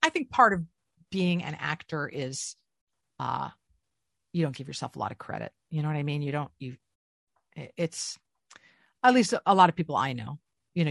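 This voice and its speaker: A middle-aged woman voice actor, chatting as an interview guest and telling self-deprecating stories in an animated way. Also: low voice, moderate pace, gravelly, pauses often, dry recording, clean studio sound. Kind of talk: casual interview chat.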